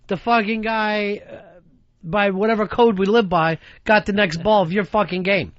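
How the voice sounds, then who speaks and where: A man's voice: high-pitched, lively intonation, normal speed, no echo, muffled recording. A man hosting a radio talk show, telling crude, rambling stories and acting out voices. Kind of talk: profane comedic talk radio banter.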